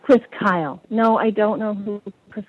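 A woman's voice: mid-range voice, normal speed, no room sound, lo-fi sound. A woman in her forties, a guest on a call-in radio show, answering callers hesitantly and laughing between phrases.

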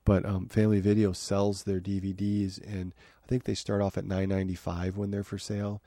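A man's voice: deep voice, monotone, fairly quick, mellow, dry recording. A man hosting a podcast from his home office, chatting casually with frequent fillers and restarts. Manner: rambling, many fillers and restarts. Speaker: podcast host. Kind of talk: casual review talk.

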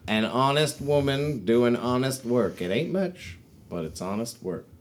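A man voicing a gruff, folksy woman caravan trader who drawls and grumbles. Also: mid-range voice, expressive, a little slow, voice pushed up, natural voice.

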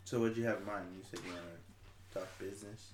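A man's voice: fairly low pitch, fairly even intonation, quick pace, heavy background noise. A young man co-hosting a podcast, teasing his friends and swearing a lot. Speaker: podcast co-host. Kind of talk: casual chat. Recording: echoey room.

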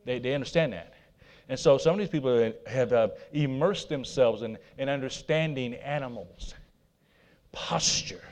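A man preaching a sermon, swinging between loud emphatic declarations and quiet asides to the congregation. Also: mid-range voice, normal speed. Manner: laughs at himself, talks to the congregation. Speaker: pastor.

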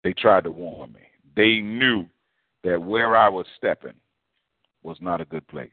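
A man preaching a folksy storytelling sermon, addressed as apostle, animated and full of vivid asides. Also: fairly low pitch, a little slow, creaky, dry recording. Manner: animated, folksy, quotes others in lively voices. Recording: tinny phone-like dry sound.

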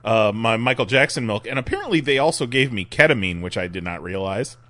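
Bright, laughing male podcast co-host. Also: on the low side, sing-song, brisk. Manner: laughing, joking banter. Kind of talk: casual comedic chat.

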